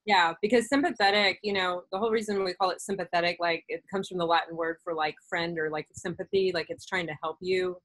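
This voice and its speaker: Woman host, lower voice, chatty, filler-heavy explainer, dry close sound. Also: steady tone, quick pace, hardly any pauses, a bit bright, no echo, low-quality recording. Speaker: podcast host, doctor. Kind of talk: casual conversational interview.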